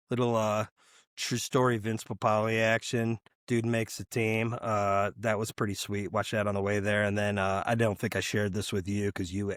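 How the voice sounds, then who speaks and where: A young man co-hosting a casual sports podcast, wandering through his stories with plenty of fillers and the odd curse. His voice sits in an ordinary middle pitch. The sound is close and dry, with no room around it. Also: no echo. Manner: rambling, loose storytelling with fillers and profanity. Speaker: podcast co-host. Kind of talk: casual chat.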